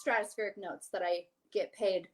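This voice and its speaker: A woman's voice: medium pitch, steady tone, moderate pace, loud music behind the voice. A woman, a soprano, giving a vocal coaching session over a video call. She explains each exercise and then sings it, with a light, joking touch.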